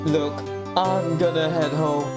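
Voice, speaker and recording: A woman's voice: low-pitched, steady tone, takes it slowly, over loud music. Woman reading a dejected young guy brushing it off. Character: heartbroken young male friend.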